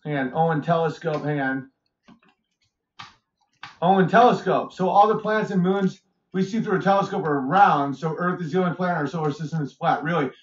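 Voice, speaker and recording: A man's voice: fairly high pitch, fairly quick. Exasperated man ranting on a livestream. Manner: profane, exasperated, argumentative. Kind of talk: heated livestream rant. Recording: roomy, dull lo-fi stream audio.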